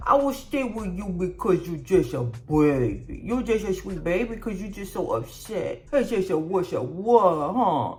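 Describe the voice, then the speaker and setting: A woman putting on a cooing woman baby-talking to a fussy child, drawn-out and sing-song. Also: fairly low pitch, sing-song, a little mellow, soft background music.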